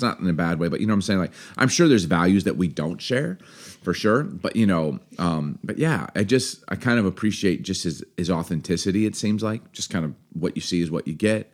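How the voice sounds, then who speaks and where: A man's voice: low voice, a little fast. A man co-hosting a family podcast as the father, chatting casually, laughing often and giving earnest advice.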